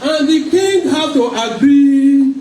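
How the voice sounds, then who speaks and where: High-voiced Nigerian pastor preaching. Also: male voice, slow, darkish tone. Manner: rhythmic preaching with call-and-response. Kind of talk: sermon. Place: church hall. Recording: echoey hall, mic far off, faint noise.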